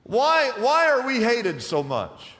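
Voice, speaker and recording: A man's voice: very high voice, huge pitch swings, takes it slowly, a bit bright, big-room sound. A man preaching a sermon as pastor, emphatic and firing off rhetorical questions to the congregation.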